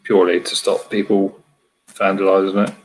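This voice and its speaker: Man from Britain, very deep voice, monotone, steady casual chat, faint noise. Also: moderate pace, low-quality recording. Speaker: urban explorer in a group chat.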